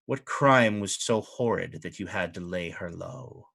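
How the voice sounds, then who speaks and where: Fey lord villain for a tabletop game, played by a man, cold and deadpan, low and unhurried. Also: creaky, exaggerated voice. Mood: coldly formal. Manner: slow, formal, archaic phrasing.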